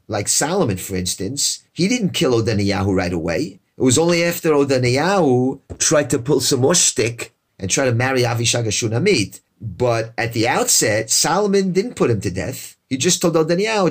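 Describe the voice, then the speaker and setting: A man teaching a verse-by-verse Bible lesson, reading each Hebrew verse and then explaining it in English, acting out the quoted speakers with lively energy. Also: mid-range voice, breathy edge.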